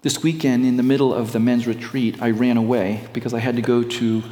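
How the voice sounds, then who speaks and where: A middle-aged man preaching a sermon as a pastor, moving from slow reflective passages to quick storytelling. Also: medium pitch, flat delivery, dark tone, long reverb tail.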